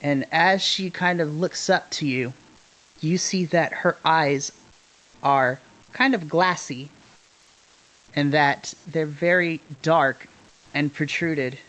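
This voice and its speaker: A man's voice: fairly high pitch, slow, long pauses, fairly bright tone, rough recording. A man narrating a tabletop game as its game master in a laid-back, descriptive way. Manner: laid-back, descriptive, chuckles between lines. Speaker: dungeon master.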